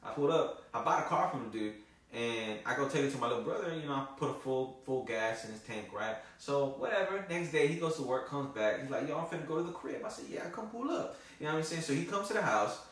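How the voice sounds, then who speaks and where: A man's voice: medium pitch, expressive, fast, a bit bright. Profane, rambling man vlogging in an echoey space. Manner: loose and profane, storytelling. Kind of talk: casual vlog talk. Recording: echoey, from far off the mic.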